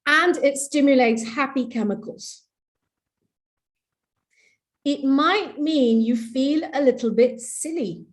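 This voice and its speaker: A high-voiced woman talks slowly and playfully as she guides an online audience. She coaxes listeners through exercises and laughs easily between her instructions, heard through a video call. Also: lively intonation. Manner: playful, coaxing, laughs often. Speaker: webinar presenter leading laughter exercises. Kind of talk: online webinar talk.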